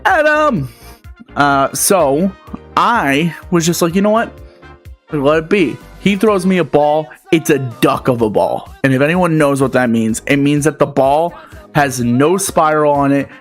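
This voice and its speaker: A young man in his twenties rants through a story in a voice that sits a little high for a man, animated and profane, leaning hard on filler words. A faint bed of music runs quietly behind him. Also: a little slow. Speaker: vlogger. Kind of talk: storytelling rant.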